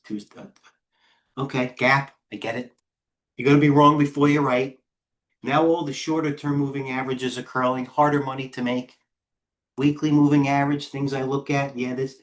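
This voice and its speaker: A middle-aged man, a head trader, giving blunt, rambling live commentary on stocks, often breaking off mid-sentence. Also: medium pitch. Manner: blunt, rambling, self-interrupting market talk. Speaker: head trader and market coach. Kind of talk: live trading stream commentary.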